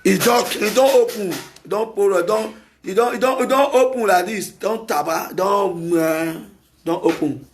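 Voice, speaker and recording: This talk show host, a man with a Nigerian accent, pushes his opinions in a monologue full of emphasis, repetition and occasional shouting. His voice sits high and his pace is moderate, with slight background noise in the recording.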